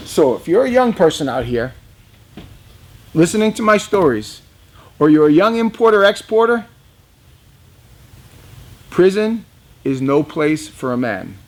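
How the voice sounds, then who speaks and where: A man with a slightly high speaking voice tells a long personal story in a loose, rambling way. He talks casually, restarts his sentences and chuckles at his own tale. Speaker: reptile dealer telling a story.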